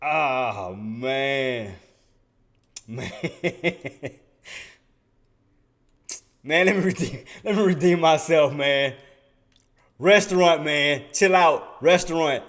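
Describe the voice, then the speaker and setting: A man's voice: a little high, extremely slow, long pauses, fairly bright tone. A man hosting a live day-trading stream, talking casually to his chat in slang and laughing often.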